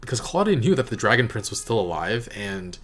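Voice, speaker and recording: A man giving casual reaction commentary on an episode, musing aloud in a halting way with frequent fillers and soft laughs. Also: fairly low pitch, sing-song. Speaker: show reactor and reviewer.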